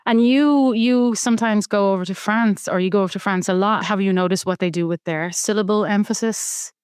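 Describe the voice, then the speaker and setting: A woman's voice: mid-range voice, a little fast, darkish tone, clear, resonant tone, no echo, studio quality. An Irish woman hosting a podcast, chatting casually and curiously with her guest and laughing easily. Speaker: podcast host. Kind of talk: casual conversational interview.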